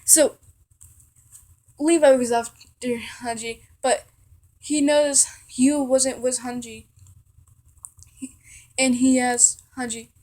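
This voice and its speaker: Halting young woman reading a fan story. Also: high-pitched, level tone, a little mellow. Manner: halting, with many fillers and restarts. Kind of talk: amateur second-person fan story reading.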